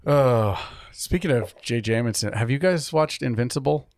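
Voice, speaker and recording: A man trading casual podcast banter, laughing often and breaking into silly voices. His voice sits at a middling pitch, close and dry on the mic. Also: animated, moderate pace, a little mellow, no room sound. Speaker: podcast co-host. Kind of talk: casual chat.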